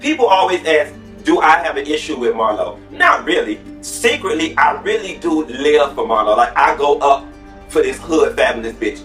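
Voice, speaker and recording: Man, sassy blunt commentary, slightly higher voice, distant mic, echoey room, profane. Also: very animated, normal speed, a bit bright, faint music behind. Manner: sassy, profane, matter-of-fact.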